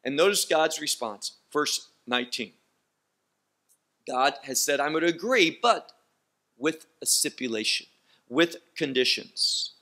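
A man teaching scripture in a slow, measured way, letting each phrase land. His voice sits high and sounds bright and clear. He stresses key words and asks questions he then answers himself. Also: animated. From Israel. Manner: deliberate, emphatic teaching with rhetorical questions. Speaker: Bible teacher. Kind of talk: Bible teaching lecture.

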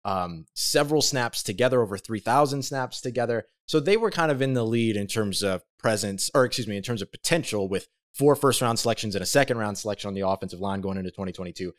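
A man hosting a solo sports talk podcast, speaking with energy and emphasis, with big swings in pitch and loudness and casual self-corrections. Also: expressive, fast, few pauses. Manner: conversational, with fillers and self-corrections.

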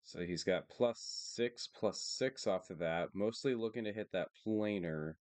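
Low, dry-voiced monotone male streamer. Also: unhurried, no echo. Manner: steady and matter-of-fact, thinking aloud about plays. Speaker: streamer and tournament player. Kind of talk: live card game commentary.

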